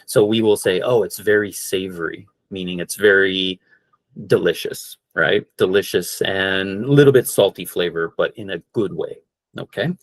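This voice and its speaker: A man teaching an online English class, slowly repeating each word and checking in with "okay?". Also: deep voice, dry recording. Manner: slow, repeats words for practice, frequent "okay?".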